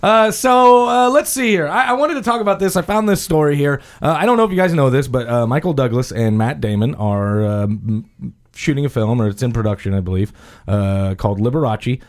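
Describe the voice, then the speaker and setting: A man hosting a casual comedy podcast, laughing often and breaking into loud animated bursts. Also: mid-range voice, brisk. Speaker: podcast host.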